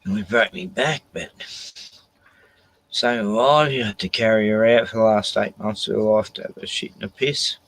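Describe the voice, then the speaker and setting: A man's voice: on the low side, steady tone, normal speed, a bit bright, rough recording. A drunk man, rambling, swearing and laughing as he chats to his dogs on a live stream from inside a caravan. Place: small caravan indoors.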